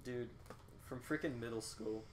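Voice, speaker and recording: A man's voice: medium pitch, unhurried, a little mellow, a little hiss or hum. A young man co-hosting a casual podcast, telling school stories and laughing often as he goes. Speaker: podcast co-host. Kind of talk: casual storytelling chat.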